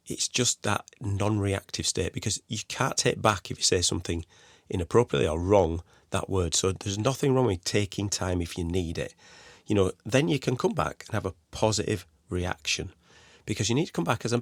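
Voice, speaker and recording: Male podcast host, low gravelly voice, dry close sound, chatty and rambling. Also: animated, a little fast, no room sound. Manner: conversational, rambling with restarts and "you know". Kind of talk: solo podcast advice talk.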